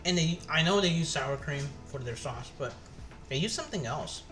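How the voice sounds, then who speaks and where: A man casually chatting on his cooking live stream, thinking aloud with halting pauses as he tastes the food. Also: fairly high pitch, expressive, a bit bright, faint music behind.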